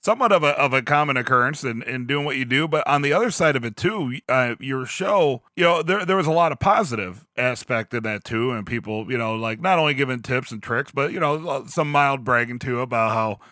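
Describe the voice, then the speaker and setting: Male podcast host, chatty and laughing, bright tone, dry close mic. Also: mid-range voice, fairly quick, hardly any pauses, no room sound. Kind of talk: casual chat.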